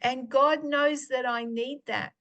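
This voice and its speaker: A middle-aged woman, sharing a faith testimony in a chatty, animated storytelling way. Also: high voice, takes it slowly, dull audio. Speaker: podcast host.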